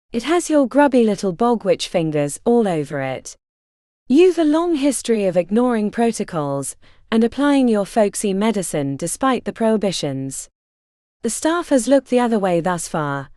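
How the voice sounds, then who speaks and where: A woman's voice: mid-range voice, mellow, no room sound, clean studio sound, natural voice. A woman reading the part of an arrogant male hospital doctor who speaks with contempt and threats.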